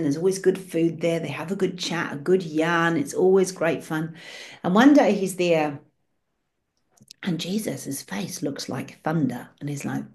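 Aussie woman guiding a prayer call, warm encouraging tone, tells stories. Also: fairly low pitch. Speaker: prayer group leader. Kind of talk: guiding an online prayer session.

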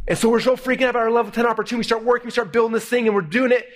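A man telling a business story to an audience, animated, acting out what people said, with slides. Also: very high-pitched, very fast, few pauses. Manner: excited, animated retelling with acted-out quotes. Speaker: speaker telling a founding story. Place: presentation room with slides.

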